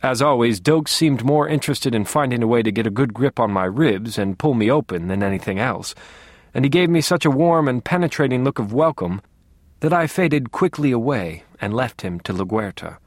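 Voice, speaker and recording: A male audiobook narrator telling the story in the first person with a wry, understated dryness. His voice sits at an ordinary mid pitch, and the studio sound is close with no room echo. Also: expressive, moderate pace.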